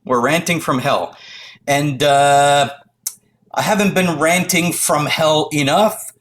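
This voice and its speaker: A middle-aged man from the Toronto area, ranting to camera in a loud, exasperated, profane comic rant. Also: a little high, slow. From Canada, Toronto area.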